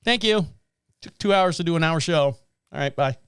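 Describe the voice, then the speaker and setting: A man's voice: a little high, expressive, moderate pace, fairly bright tone, smooth, no room sound, studio quality. A man hosting a podcast in casual chat, rambling a bit, correcting himself and chuckling as he goes. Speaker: podcast host.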